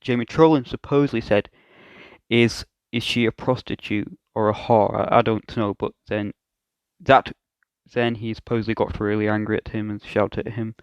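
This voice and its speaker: A man's voice: fairly low pitch, steady tone, moderate pace, clear, resonant tone, no echo, highs cut off. A young man hosting a reaction video, talking in a self-mocking, hesitant way. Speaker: YouTube reaction host. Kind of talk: reaction commentary.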